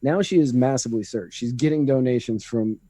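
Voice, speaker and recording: A man's voice: mid-range voice, fairly quick, warm tone, no echo. A man co-hosting a podcast, giving opinionated, rambling political takes in casual chat. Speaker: podcast co-host.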